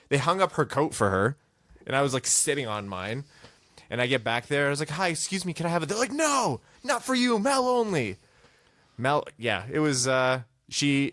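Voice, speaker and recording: Animated ranting male podcast host. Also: fairly low pitch, no echo. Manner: animated, ranting, self-mocking. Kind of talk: casual podcast chat.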